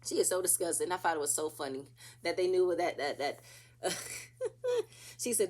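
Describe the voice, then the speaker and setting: A woman's voice: low voice, fairly quick, long pauses, a little mellow. A woman casually recapping a reality TV episode, chatty and opinionated, acting out what the cast said.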